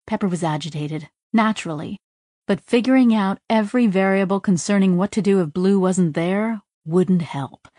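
A woman reading a novel aloud in a measured, unhurried style of scripted narration. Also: mid-range voice, mellow, dry recording, clean studio sound. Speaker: audiobook narrator.

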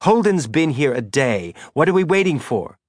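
A man's voice: mid-range voice, lively intonation, normal speed, a bit bright, no echo, clean studio sound, voice pushed up, natural voice. A male audiobook narrator voicing a tough, commanding woman who speaks bluntly and with sarcasm. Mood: sarcastic.

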